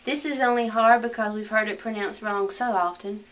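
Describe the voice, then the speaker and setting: A woman teaching Spanish pronunciation in a recorded lesson, slowly drilling each word with careful repetitions. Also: medium pitch, steady tone, fairly bright tone.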